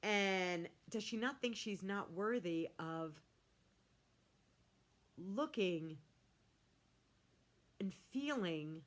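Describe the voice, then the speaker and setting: A woman's voice: mid-range voice, animated, very slow, pauses often. A middle-aged woman chatting bluntly and sarcastically to camera about dieting. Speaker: diet vlogger. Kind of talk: casual chat to camera.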